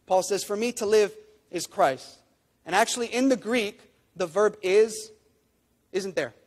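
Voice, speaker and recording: A man's voice: high-pitched, a little slow, long reverb tail. A man preaching a sermon, emphatic, with repeated phrases and rhetorical questions. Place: church sanctuary.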